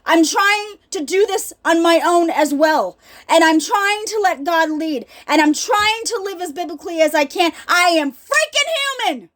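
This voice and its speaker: A middle-aged woman with a strikingly high voice gives a heartfelt faith talk. She speaks earnestly and with emphasis, addressing her listeners directly as if they were in the room. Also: lively intonation, measured pace, fairly bright tone. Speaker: healing ministry speaker.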